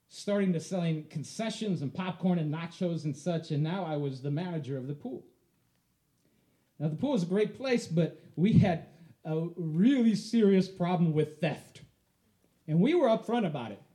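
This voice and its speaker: Male storyteller with a high, mellow voice, lively with a live audience. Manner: animated, laughing through the story.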